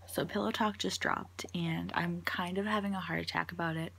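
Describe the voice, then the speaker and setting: A woman's voice: lowish voice, fairly even intonation, moderate pace, vocal fry, fairly bright tone, breathy edge. A woman reacting in a vlog, gushing and nervous, swearing and often dropping to a whisper, recorded on a phone. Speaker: vlogger. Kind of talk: reaction video. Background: music playing.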